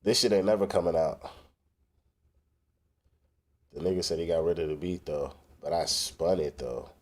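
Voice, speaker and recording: A man's voice: low voice, moderate pace, darkish tone. A man chatting casually with viewers on a livestream, loose and profane, reacting to comments between tracks. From northern England. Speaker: livestream host and rapper.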